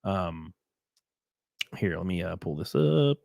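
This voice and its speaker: A man's voice: deep voice, very animated, takes it slowly, vocal fry, no echo, muffled recording. A man hosting a live stream in a loose, rambling, joking way, reading out viewer messages and thanking them. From Southern United States. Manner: rambling, jokey, reads out chat messages. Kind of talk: casual live-stream chat.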